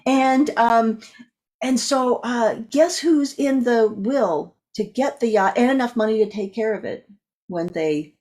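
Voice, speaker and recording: A woman guest on a talk show, animated as she tells a story and acts out the voices of the people in it. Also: a little high, a little slow. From California. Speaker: guest coach. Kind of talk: storytelling in an interview.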